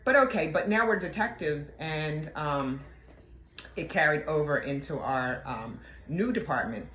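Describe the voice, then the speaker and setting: A middle-aged woman, a former police detective, telling a workplace story in a halting way, with many fillers and asides. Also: low voice, lively intonation, fairly bright tone, a little hiss or hum. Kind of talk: casual storytelling. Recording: echoey room.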